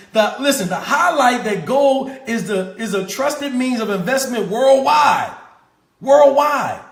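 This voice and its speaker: A man giving an excited sales pitch on a livestream, reading articles aloud and calling out to his viewers. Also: echoey room. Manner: animated, repetitive, calls out to viewers. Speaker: crypto promoter on a livestream. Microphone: phone or webcam on a live stream.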